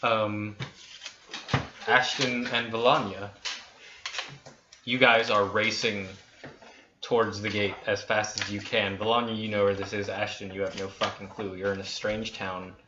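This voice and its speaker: A man running a tabletop game, narrating scenes in a hushed, dramatic way. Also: on the low side, level tone. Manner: slow, hushed dramatic storytelling. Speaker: dungeon master. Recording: roomy, dull lo-fi with faint hiss.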